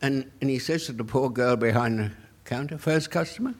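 A man's voice: medium pitch, fairly even intonation, fairly quick. An older man, an author telling anecdotes at a public Q&A, often stammering and repeating words. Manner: stammering repetitions, chuckling asides. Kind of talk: anecdotal storytelling.

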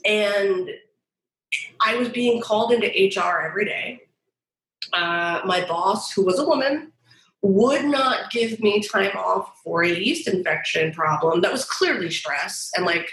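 A woman guest telling her story candidly, animated and profane, acting out quoted voices. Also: mid-range voice. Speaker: guest designer. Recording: roomy echo.

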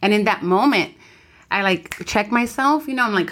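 A woman's voice: mid-range voice, lively intonation, moderate pace, fairly bright tone. A woman, co-hosting a podcast, talking candidly and animatedly while switching between English and Spanish. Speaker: podcast co-host. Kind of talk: casual chat.

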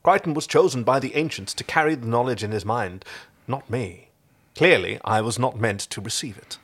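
A man's voice: mid-range voice, moderate pace, a bit bright. A man voicing a cold, scheming male alien warlord in a fan fiction reading, with an earnest, declamatory delivery. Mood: solemn.

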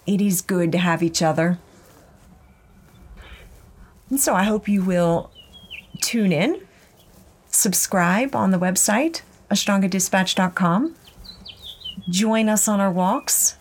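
Gentle reflective woman telling a story. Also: mid-range voice. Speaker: podcast host. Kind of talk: walking podcast monologue. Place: outdoors on a ranch trail.

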